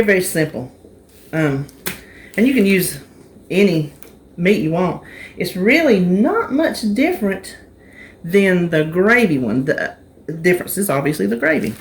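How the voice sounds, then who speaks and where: A cooking vlogger from North Carolina, US, chats on camera in a homey way, walking the viewer through each step of a casual demonstration. Her voice is on the low side, animated and unhurried, with a little hiss or hum.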